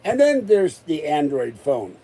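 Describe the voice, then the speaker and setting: A man's voice: a little high, very animated, unhurried, dark tone, poor audio. A man ranting in a rambling, exasperated way during a casual live-stream chat, still recovering from an illness. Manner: exasperated, rambling rant with many restarts. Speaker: vlogger.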